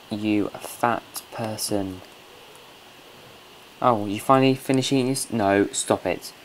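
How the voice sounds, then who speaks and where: A man's voice: lowish voice, slow, long pauses, a little hiss or hum. A man hosting a casual gameplay commentary from home, chatty, coaxing and scolding his game characters. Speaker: let's play host.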